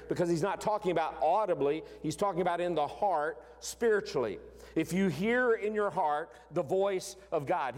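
A man preaching a sermon as pastor, earnest, repeating key words for emphasis and often restarting his phrases. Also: high voice. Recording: long hall reverb.

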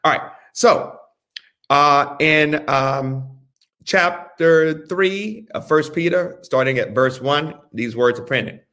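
A man teaching a Bible study as a pastor, speaking deliberately, repeating phrases and telling listeners what to underline and circle. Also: fairly high pitch, fairly bright tone. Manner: slow, deliberate, repeats phrases and gives instructions.

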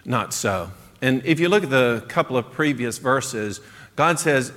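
A man's voice: mid-range voice, expressive, a little slow, fairly bright tone. A man teaching a midweek Bible class, conversational, chuckling and asking the class questions, in a church classroom. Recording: echoey hall.

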